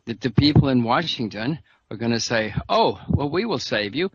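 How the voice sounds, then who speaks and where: A fairly high-voiced man talks as an interview guest, emphatic and given to restarting his phrases with a wry laugh. The sound is dull and lo-fi, and the room adds no echo. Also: a bit bright. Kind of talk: interview conversation.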